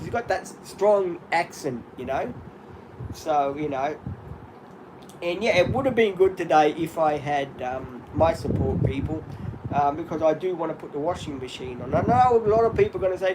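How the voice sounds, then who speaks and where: A man's voice: on the high side, expressive, normal speed, background noise. A rambling fiftysomething man on a home live stream. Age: 50s. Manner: rambling and open, talks straight to viewers as "guys". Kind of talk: candid live-stream chat.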